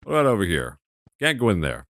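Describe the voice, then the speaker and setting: A man commenting on a game he is playing, joking crudely and sarcastically. His pitch swings in an animated way. The close mic gives a dry sound with no room echo. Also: fast. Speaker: gameplay commentator. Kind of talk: casual gameplay commentary.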